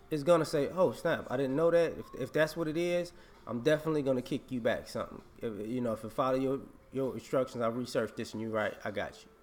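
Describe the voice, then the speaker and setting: A man's voice: medium pitch, vocal fry. A man vlogging a casual opinion rant, emphatic and repetitive, scolding and laughing.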